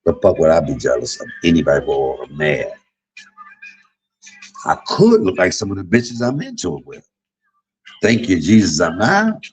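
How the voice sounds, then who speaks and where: Man in his fifties, very low and husky, swings his pitch widely; blunt, profane livestream storyteller. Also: big pitch swings, moderate pace, long pauses, soft background music, low-quality recording. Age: 50s. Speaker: livestream host. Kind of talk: candid livestream monologue.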